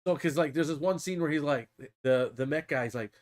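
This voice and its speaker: Animated man retelling a story. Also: fairly high pitch, a little fast, few pauses. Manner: animated retelling with frequent laughter. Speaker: host. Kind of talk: casual chat on a live stream.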